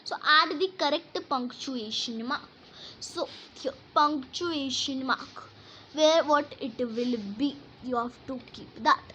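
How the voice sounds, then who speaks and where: A woman's voice: high-pitched, takes it slowly, sharp tone, muffled recording, slight background noise. A woman teaching a grammar lesson, explaining and reading example sentences aloud with emphasis.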